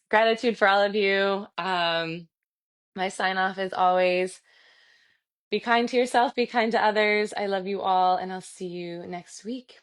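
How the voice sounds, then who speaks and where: A woman's voice: medium pitch, steady tone, a little slow, clean tone. Gushing woman closing an online class. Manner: warm, effusive and gushing, reads chat comments aloud. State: emotional, tearing up. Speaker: fitness instructor. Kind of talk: live virtual class wrap-up.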